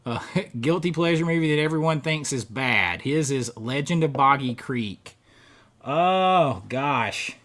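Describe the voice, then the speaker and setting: A middle-aged man with a bright, forward voice at an ordinary pitch hosts a live stream. He talks in a loose, rambling way, restarting sentences and chuckling often as he answers viewer comments. His delivery stays casual and chatty. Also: lively intonation, a little slow.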